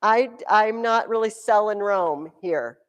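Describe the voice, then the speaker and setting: A woman teacher giving a classroom history lesson, telling the story in an animated, joking way. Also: mid-range voice, slow, highs cut off. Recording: echoey room with long reverb.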